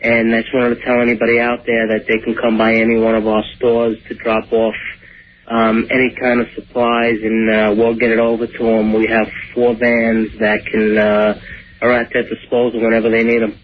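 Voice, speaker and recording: Earnest caller on a tinny phone line. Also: male voice, fairly low pitch, completely flat delivery, a little hiss or hum. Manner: earnest, halting. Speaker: caller, pet store owner. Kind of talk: call-in radio.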